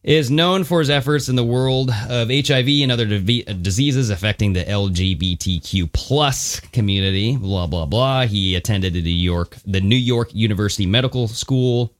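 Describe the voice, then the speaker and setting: A man's voice: lowish voice, normal speed, few pauses. A man hosting a podcast, reading out a news story with crude jokes in a casual chat. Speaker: podcast host.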